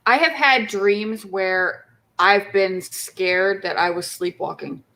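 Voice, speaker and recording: A woman's voice: medium pitch, slow, bright, forceful tone. A woman co-hosting a podcast, musing through a story in casual chat. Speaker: podcast co-host.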